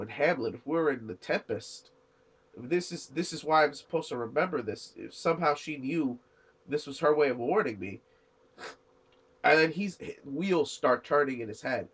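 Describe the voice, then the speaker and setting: A man's voice: mid-range voice, breathy edge. A young man casually recapping an anime episode, rambling with many fillers and restarts and briefly acting out the characters' lines. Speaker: anime reviewer.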